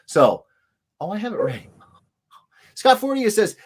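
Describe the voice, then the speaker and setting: A man's voice: high voice, big pitch swings, unhurried, slightly rough. A man hosting a casual livestream, animatedly reading viewer comments aloud with sing-song greetings. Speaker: livestream host, illustrator.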